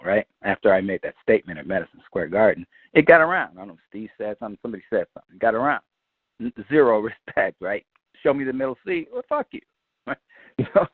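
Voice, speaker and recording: A man, a guitarist, telling an animated, profane story and acting out the other people's voices. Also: medium pitch, breathy edge, no room sound, phone-quality sound. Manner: lively, swears freely, acts out quoted voices.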